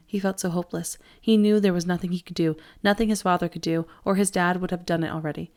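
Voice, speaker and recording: A woman teacher reading a novel aloud with steady expression. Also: on the low side, fast talker. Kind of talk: audiobook read-aloud.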